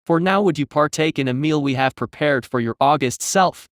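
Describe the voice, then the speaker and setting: A man's voice: fairly high pitch, normal speed, no echo, clean studio sound, lightly acted. A man voicing a grotesque male creature leader who speaks with cheery, fanatical zeal. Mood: humble. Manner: cheery, zealous, cackling.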